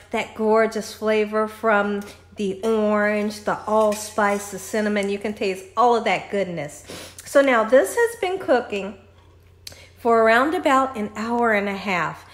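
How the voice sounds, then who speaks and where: A woman with a mid-range voice and measured pace hosts a cooking channel, doing a casual demonstration in her home kitchen. She chats with viewers while tasting and pouring, laughing often. The room is echoey.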